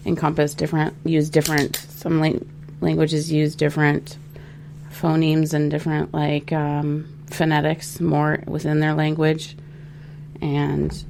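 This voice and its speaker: A woman co-hosts a casual podcast in a studio. Her voice is low and gravelly, and her delivery is flat and hesitant, full of ums. There is faint noise in the background. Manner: hesitant, with many ums and restarts. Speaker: podcast co-host.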